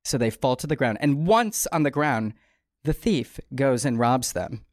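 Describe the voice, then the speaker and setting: Woman, podcast host, raspy strained voice, low pitch, dry studio sound, playful rambling storytelling. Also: a little slow, no room sound. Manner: playful, animated, rambling asides. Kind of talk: casual comedic storytelling.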